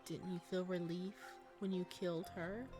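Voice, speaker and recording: A woman voicing a malevolent demon that whispers accusations in a low, quiet murmur, reading a visual novel aloud as whispered role-play. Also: little pitch movement, moderate pace, music in the background, close to an everyday voice. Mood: accusing.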